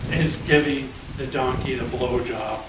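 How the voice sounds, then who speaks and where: A man of middle pitch hosts a loose, rambling interview and keeps tacking "right?" onto his sentences. He sits away from the microphone in an echoey room with a steady hiss of noise behind him. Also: a little slow. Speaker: interviewer host. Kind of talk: casual interview. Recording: echoey room, far from the mic, noisy.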